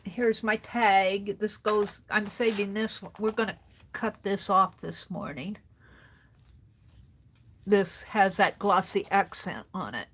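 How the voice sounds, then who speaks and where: A woman speaking slowly in a medium-pitched, fairly bright voice sorts supplies at her home craft desk during a craft livestream. She thinks aloud, chats casually and welcomes viewers by name.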